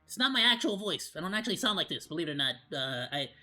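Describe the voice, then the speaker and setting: Male streamer, bright cartoonish monkey voice, rambling and casual. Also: very animated, fast talker. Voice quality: put-on high cartoonish monkey voice. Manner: rambling, lots of fillers and restarts. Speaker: VTuber streamer.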